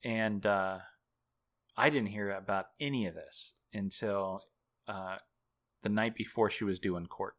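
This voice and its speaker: A low-voiced man tells a long story as an interview guest. He rambles and mocks himself, stumbling through fillers and restarts as he goes, and sounds casual and conversational throughout. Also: measured pace, fairly bright tone. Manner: rambling, self-mocking, many fillers and restarts. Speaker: guest, author and journalist.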